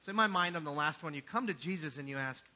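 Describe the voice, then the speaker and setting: A man preaching a sermon in a church, swinging from quiet asides to loud, emphatic passages. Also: on the high side, expressive, fast talker. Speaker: pastor. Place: church sanctuary.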